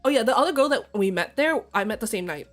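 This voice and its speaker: A woman's voice: on the high side, expressive, quick pace, soft background music. A young woman streamer chatting casually and telling stories with lots of giggles and quoted voices. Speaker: vtuber streamer. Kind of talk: casual chat.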